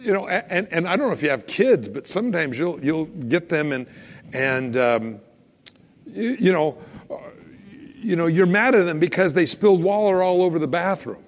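A man preaching a sermon in a casual, animated way, acting out little scenes and quotes as he goes. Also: fairly high pitch, moderate pace. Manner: animated, conversational, acts out quotes. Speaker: pastor. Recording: long hall reverb.

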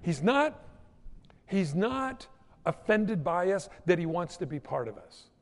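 A man's voice: sits high, sing-song, slow, in a large hall. A man preaching a sermon, telling stories with quoted voices and asides. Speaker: pastor.

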